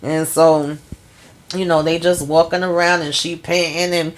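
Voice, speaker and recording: A chatty woman recapping a TV episode in a casual vlog. Her voice sits a little low for a woman, and she slips into the characters' lines as she retells them. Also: level tone, unhurried, slight background noise. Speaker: TV recap host.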